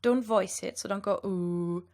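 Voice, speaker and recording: A woman's voice: medium pitch, moderate pace. German woman teaching pronunciation. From western Germany. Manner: clear, patient, lightly playful explanations. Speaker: language teacher. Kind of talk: pronunciation lesson.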